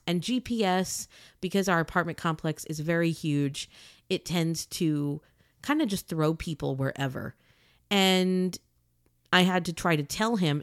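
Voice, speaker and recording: A woman retelling a personal story in a casual, animated and indignant way, acting out the other people's lines. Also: fairly low pitch, normal speed, no room sound, studio quality. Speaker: podcaster telling a personal story.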